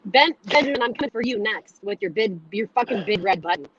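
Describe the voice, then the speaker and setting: A woman's voice: mid-range voice, lively intonation, fairly quick, fairly bright tone, breathy edge, lo-fi sound. A woman ranting bluntly and profanely in casual live chat, jittery from coffee while on her way home. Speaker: call-in panelist. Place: on the move, heading home.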